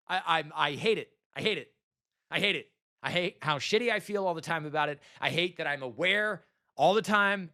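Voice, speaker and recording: A man in his thirties vents in a bitter, exasperated monologue, cursing freely and circling back over the same complaints. His voice is tense and sharp-edged, and it sits a little higher than most men's. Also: normal speed. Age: 30s. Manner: bitter, exasperated, swearing, repeats himself. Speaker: vlogger. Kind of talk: ranting monologue to camera.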